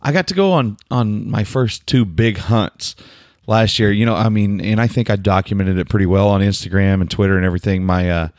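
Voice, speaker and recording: Low-voiced man from Oklahoma. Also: a little fast, no echo, studio quality. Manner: relaxed, rambling storyteller. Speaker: podcast co-host. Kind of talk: casual chat.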